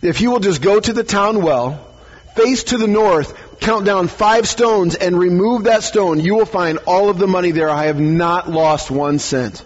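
A man's voice: high-pitched, measured pace, highs cut off. A man acting out a frightened bank robber who pleads, in a story told in a sermon. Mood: pleading. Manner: pleading, trembling.

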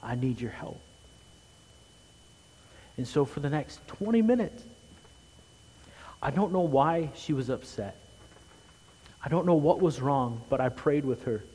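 A man preaching a sermon as pastor, earnest, rising loud and quick for emphasis, then dropping low and quiet. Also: lively intonation, breathy edge. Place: church sanctuary. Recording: long hall reverb.

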